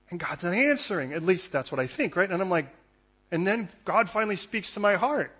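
A man preaching a sermon, swinging from loud, urgent exhortation to hushed, intense asides. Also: high voice, lively intonation, brisk, breathy edge, dull audio. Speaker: pastor.

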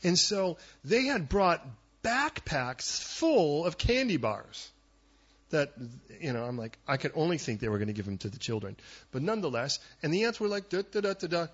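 A man's voice: a little high, moderate pace, slightly rough, highs cut off. A man preaching a sermon, telling a story and acting out what people said. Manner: animated storyteller acting out quotes. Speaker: pastor.

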